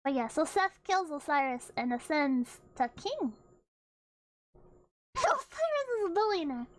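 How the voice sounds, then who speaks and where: Woman streamer, very high voice, rambling and playful, swears a lot. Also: sing-song, unhurried, no echo, low-quality recording. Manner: rambling, swears freely, frequent restarts; playful, laughs often. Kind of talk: casual livestream chat.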